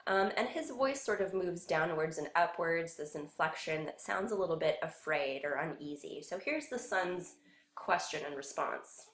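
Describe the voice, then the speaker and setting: A woman's voice: lowish voice, lively intonation, moderate pace. A woman teaching a music lesson, patiently explaining each point step by step. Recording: roomy echo.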